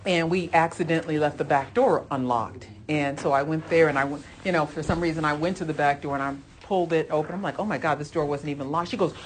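A woman with a fairly low voice leads a church Bible lesson. She is fervent and emphatic and talks conversationally, with asides and restarts, calling out praise between points. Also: fast talker, hardly any pauses, a little hiss or hum. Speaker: Bible study teacher.

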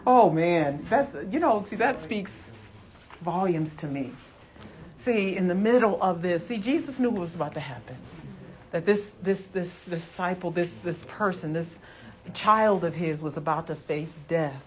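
A woman preacher giving a conversational sermon, retelling scripture with animated storytelling, repeated phrases and emphatic exhortations to her listeners. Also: lowish voice, unhurried.

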